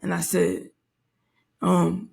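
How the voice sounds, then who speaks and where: A woman's voice: fairly low pitch, monotone, very slow, gravelly, darkish tone, breathy edge. A woman in her late forties, hosting a podcast and telling a personal story in a candid, reflective way that halts and restarts often. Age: late 40s. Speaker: podcast host.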